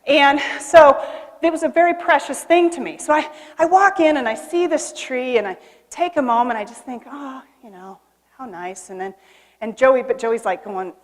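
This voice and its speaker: A woman's voice: high-pitched, moderate pace. A middle-aged woman giving a keynote speech, telling a story dramatically and acting out the lines of the people in it. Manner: animated, dramatic storytelling with acted quotes. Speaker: keynote speaker. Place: convention hall. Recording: reverberant hall.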